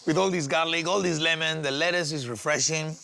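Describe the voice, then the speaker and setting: A man's voice: fairly high pitch, a little fast, gravelly. A man hosting a cooking segment on TV, chatting playfully with a guest and laughing often. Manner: teasing, laughs often, animated. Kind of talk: playful on-air chat while cooking.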